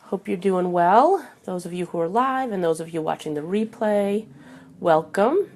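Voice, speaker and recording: A woman's voice: on the low side, moderate pace, a little mellow. A woman hosting a live video chat from home, her voice still recovering from a head cold, chatty and laughing often as she greets viewers by name. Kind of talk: casual live-stream chat. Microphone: desk microphone.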